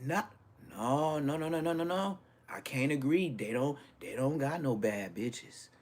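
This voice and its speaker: A man from Florida, a YouTuber, ranting casually with brash, profane talk and quick mimicry of other people. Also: a little high. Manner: animated, brash, swearing, mimics others' voices.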